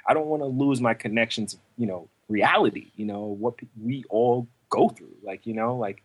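A relaxed man in conversation, his voice sitting in an ordinary middle pitch, telling stories with lively animation and popping up into higher put-on voices when he quotes people. He sounds easygoing and chatty, full of casual fillers. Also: normal speed, breathy edge. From lived in New York. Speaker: actor guest. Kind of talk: casual interview storytelling.

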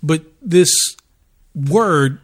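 A middle-aged man co-hosting a podcast in casual chat, a rambling storyteller who gets animated and laughs often. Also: fairly high pitch, drawn-out words, husky. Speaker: podcast co-host.

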